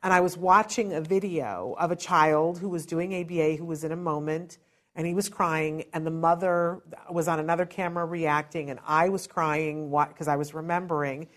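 A woman's voice: low voice, moderate pace. A woman in her fifties, a parent hosting a conversational webinar, telling stories and acting out quoted voices. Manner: animated storytelling, voices quotes. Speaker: host and parent.

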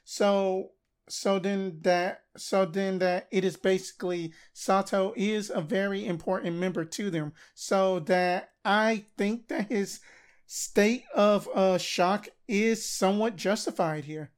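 A man's voice: high voice, fairly even intonation, takes it slowly, smooth. A man co-hosting a podcast, speaking in a rambling, casual way. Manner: rambling, repeats "that" as filler. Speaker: podcast co-host. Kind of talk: casual chat.

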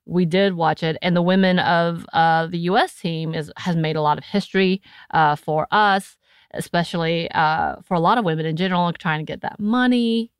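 An American woman co-hosting a podcast in a casual chat, animated and laughing often, recorded close to a studio mic. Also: fairly low pitch, moderate pace, clear, resonant tone, no echo. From United States. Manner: chatty and animated, often laughing, breaks into put-on voices. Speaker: podcast co-host.

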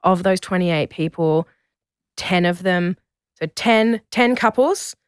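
A young woman guesting on a podcast, telling stories in an animated way and acting out other people's lines. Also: lowish voice, takes it slowly, clean tone, dry recording, clean studio sound. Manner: animated storyteller, acts out quotes in voices. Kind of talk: casual conversation.

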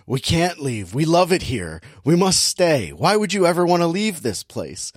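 A man's voice: a little high, very animated, moderate pace, no room sound, pitched above the performer's own voice. A stubborn young girl who insists on staying, as a man plays her in his own lightly raised voice. She sounds firm and a little indignant. It is recorded dry and close. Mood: insistent.

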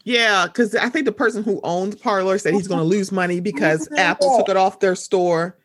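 A young woman co-hosts a casual chat. She keeps slipping into acted-out quoted reactions to make her points. Her voice sits at an ordinary middle pitch, recorded close and dry. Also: normal speed, no echo. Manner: animated, acts out her own reactions in quoted asides.

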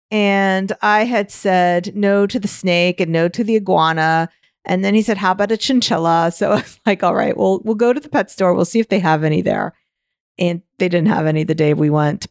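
A middle-aged woman hosting a solo podcast, telling personal stories in a chatty way with animated restarts. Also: mid-range voice, dry recording, studio quality. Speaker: podcast host.

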